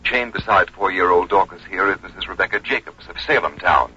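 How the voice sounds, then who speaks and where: An actor playing an on-the-scene radio reporter who asks calm, measured questions, on an old radio drama recording. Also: male voice, sits low, slightly rough, heavily acted. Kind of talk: 1950s radio drama acting. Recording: dull old radio broadcast with hiss.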